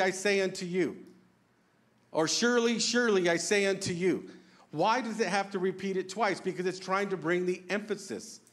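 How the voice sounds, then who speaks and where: A pastor preaching an earnest, conversational sermon, asking the congregation questions and joking about himself. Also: male voice, high-pitched. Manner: self-deprecating humor.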